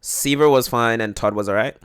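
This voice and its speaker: A man's voice: mid-range voice, fairly quick, a bit bright, clear, resonant tone. Rambling young male streamer. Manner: rambling, filler-heavy, answering chat. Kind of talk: casual chat with live viewers.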